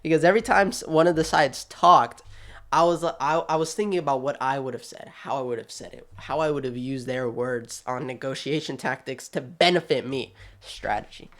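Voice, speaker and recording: Sassy, animated man giving commentary. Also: mid-range voice. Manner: animated and sassy, talks straight to people; quick, chatty, restarts often. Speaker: channel host. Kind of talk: casual video commentary.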